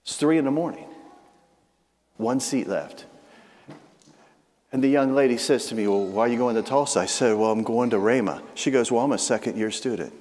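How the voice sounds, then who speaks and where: A man preaching a storytelling testimony, with frequent restarts and animated emphasis. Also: medium pitch, normal speed, long pauses. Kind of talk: testimony sermon. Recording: long hall reverb.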